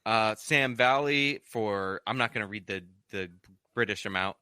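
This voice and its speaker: Bright-voiced man reading chat messages. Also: on the low side, moderate pace, clean tone, no echo. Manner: reads donor messages aloud with many "like" fillers. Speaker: streamer reading super chats. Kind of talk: casual live-stream chat.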